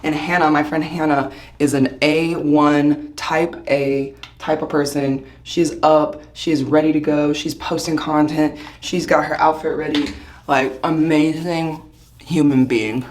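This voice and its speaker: A woman vlogging casually while getting ready in a hotel bathroom, her voice hoarse from shouting, chatty and rambling with frequent laughs. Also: low voice, steady tone, a little slow. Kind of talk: casual chat to camera.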